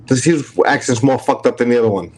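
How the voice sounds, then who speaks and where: A man's voice: mid-range voice, fast, a little mellow, slightly rough, poor audio. A man with a strong New York accent, hosting a casual livestream chat, brash and profane as he jokes with his viewers. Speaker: livestream host.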